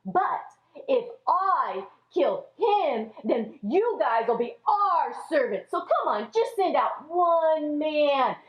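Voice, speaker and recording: A woman's voice: high-pitched, sing-song, slow, full character voice. A woman doing a bragging bully giant. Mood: boastful. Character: boastful giant male warrior, bullying. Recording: echoey room, dull lo-fi audio.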